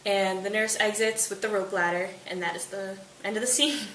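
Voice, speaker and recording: A woman's voice: medium pitch, steady tone, fairly bright tone, far from the mic. Young woman retelling a play, echoey room. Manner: breezy, slangy retelling with quick quoted asides. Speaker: student presenter. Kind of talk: casual study summary of a play. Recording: echoey room, off-mic, faint hiss.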